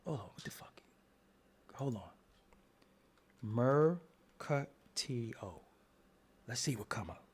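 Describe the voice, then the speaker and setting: A man's voice: medium pitch, animated, takes it slowly, pauses often, husky. A man hosting his own show, doing livestream roast commentary in a mock-outraged, teasing way. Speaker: show host.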